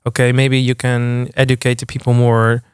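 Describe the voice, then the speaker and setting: A young man talks casually as an interview guest, often stopping and restarting his sentences. His voice is smooth and resonant, recorded close and dry with no room sound. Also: medium pitch, completely flat delivery, normal speed, no room sound. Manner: hesitant, many restarts and fillers. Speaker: guest music producer.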